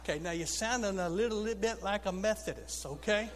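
A middle-aged man preaching a lively sermon to a congregation, leading them in call-and-response. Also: high-pitched, quick pace, background noise. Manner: exuberant, leads call-and-response. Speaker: guest preacher. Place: church sanctuary. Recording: reverberant church hall.

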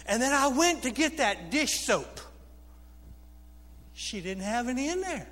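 A pastor preaching a sermon, telling funny stories and calling out to the congregation. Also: male voice, extremely high pitch, very animated, a little slow, a bit bright. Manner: storytelling preacher, humorous asides to the congregation. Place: church sanctuary. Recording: long reverb of a church hall.

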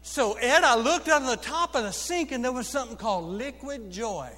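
A pastor preaching a sermon, telling funny stories and calling out to the congregation. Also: male voice, very high voice, lively intonation, moderate pace, sharp tone. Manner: storytelling preacher, humorous asides to the congregation. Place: church sanctuary. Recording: long reverb of a church hall.

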